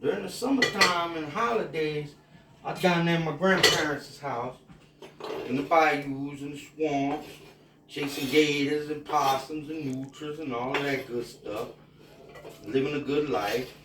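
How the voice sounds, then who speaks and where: A man's voice: fairly high pitch, unhurried, roomy sound, very noisy. A tipsy man with a Louisiana Cajun accent, cooking and rambling in a folksy, drawling way for a casual cooking vlog. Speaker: home cook.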